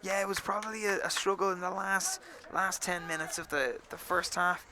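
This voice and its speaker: A man's voice: high voice, fairly even intonation, moderate pace, a crowd in the background. A man giving analytical live rugby commentary on the radio with a dry sense of humor.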